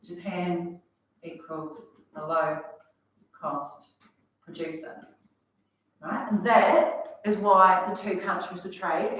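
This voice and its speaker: Recorded from a distance in an echoey room, a woman teaches economics to a class, chatting casually and using lots of fillers. Her voice is medium-pitched and a bit bright.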